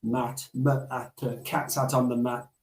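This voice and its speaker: A man telling stories from his childhood as a podcast guest, reflective and halting, with many restarts. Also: medium pitch, little pitch movement, echoey room, rough recording. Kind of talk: storytelling in a podcast interview.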